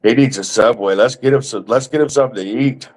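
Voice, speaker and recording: A man's voice: mid-range voice, fast, darkish tone. A man from Britain, a guest on a livestream, chatting casually in a laid-back way and laughing often.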